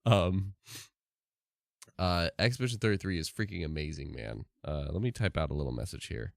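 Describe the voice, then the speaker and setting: A man's voice: low-pitched, expressive, normal speed, vocal fry, dry recording, studio quality. A sleep-deprived man streaming live, chatting casually and rambling with many restarts. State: tired from no sleep.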